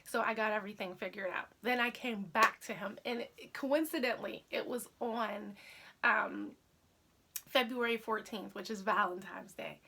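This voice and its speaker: A woman who works as an independent accessories consultant, telling her story in a chatty, animated way. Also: mid-range voice, normal speed, creaky, slight background noise. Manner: chatty, animated, says "literally" often. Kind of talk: casual storytelling vlog.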